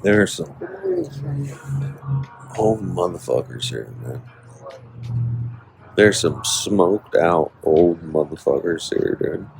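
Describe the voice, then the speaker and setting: Low-voiced profane storytelling man. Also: slow, gravelly, long pauses, soft background music. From Northern California. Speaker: podcast host. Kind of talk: casual chat.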